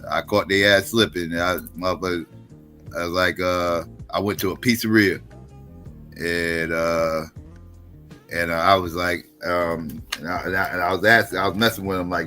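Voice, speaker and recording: A man's voice: low-pitched, fairly even intonation, normal speed, pushed and bright, faint music behind. A man from New Jersey hosting a live talk stream, telling stories loosely with lots of swearing and restarts. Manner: loose, profane, storytelling with many restarts. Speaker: host. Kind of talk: casual live stream chat.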